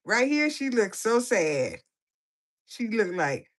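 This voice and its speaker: A coloring vlogger chats playfully with her viewers while coloring in a coloring book, laughing as she comments. Her voice is a little high with big pitch swings, and she takes it slowly.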